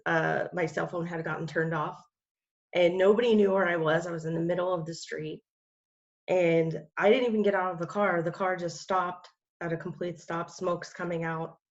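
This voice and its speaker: Low, flat-voiced woman telling her story. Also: dull audio. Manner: rambling, many fillers and restarts. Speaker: interview guest. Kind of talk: personal testimony in conversation.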